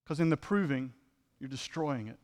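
A man's voice: mid-range voice, lively intonation, moderate pace, a little mellow, long reverb tail. A man preaching a conversational sermon as pastor, full of rhetorical questions.

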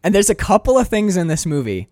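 A man talking through a film in a casual podcast chat with a lively, swooping voice that jumps high whenever he acts out lines of dialogue. His pitch sits a bit higher than most men's. The recording is dry and close. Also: quick pace, dry recording. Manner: animated, acts out quoted dialogue with big pitch swings, swears casually. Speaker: podcast co-host discussing a film.

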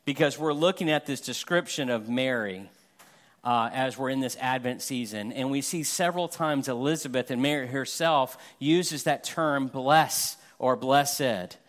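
A man's voice: mid-range voice, a little slow, a bit bright. A middle-aged man from Florida preaching a sermon as a guest pastor, conversational and self-deprecating, acting out everyday examples with humor.

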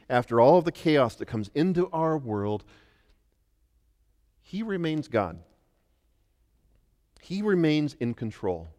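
A middle-aged man from the United States, a pastor preaching an emphatic sermon that moves between quiet and loud. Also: medium pitch. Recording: long reverb of a large hall.

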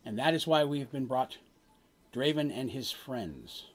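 A solemn tribal prophetess foretells a dark season, as a man game master puts her on. She speaks slowly and gravely, in long weighty phrases. Her pitch moves up and down a lot. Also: lively intonation. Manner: slow, grave pronouncements.

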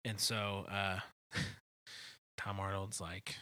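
A man's voice: little pitch movement, slow pace, sharp tone, dry recording. A man co-hosting a casual movie chat, laughing often and breaking into quotes. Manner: laughs often, acts out movie quotes in high silly voices. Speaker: podcast co-host.

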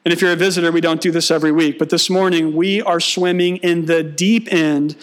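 A man's voice: a little high, steady tone, brisk. A male pastor preaching a sermon, mixing teaching with humorous storytelling and acted-out dialogue.

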